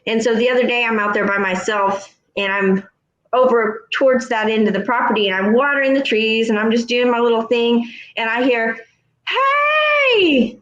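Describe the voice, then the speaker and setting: Casting note: higher-voiced woman, lively storyteller, roomy echo. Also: a little fast, muffled recording. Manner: animated, acts out other voices in her stories. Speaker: co-host. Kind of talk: casual storytelling chat. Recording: echoey room.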